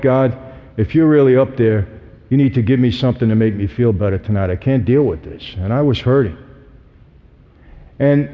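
A man tells his life story to an audience with earnest emphasis, addressing the listeners directly. His voice sits a little high. The lo-fi recording sounds dull and rings with the long reverb of a large hall. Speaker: speaker giving a testimony. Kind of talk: personal testimony to an audience.

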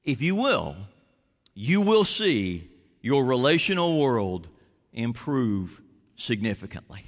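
Male pastor, slow deliberate sermon delivery, bright and animated, in a reverberant church. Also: medium pitch. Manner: emphatic, stretches words for effect, leads the congregation in repeating phrases.

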